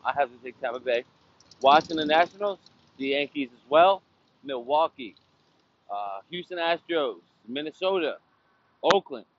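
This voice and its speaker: Recorded outside in the wind with traffic close by, a man's higher-pitched voice comes through muffled. He's running a casual sports betting podcast, going over picks and results with brash, foul-mouthed energy.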